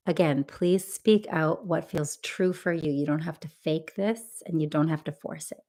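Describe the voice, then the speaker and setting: A woman leading a live EFT tapping session, speaking in a gentle, encouraging way and repeating affirmations for listeners to say along. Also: deep voice, moderate pace, hardly any pauses.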